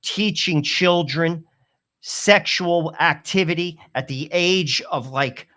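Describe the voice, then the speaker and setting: A man co-hosting a political talk show, answering in a measured way with fillers. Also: on the high side, bright, forceful tone. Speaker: co-host. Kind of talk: political commentary chat.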